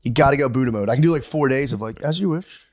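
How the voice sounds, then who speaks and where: A man's voice: mid-range voice, rapid-fire, dry recording, studio quality. A man in his thirties co-hosting a podcast, rambling through stories and acting out what people said, swearing freely. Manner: rambling, acts out quoted voices, swears freely. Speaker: podcast co-host. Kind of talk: casual comedic chat.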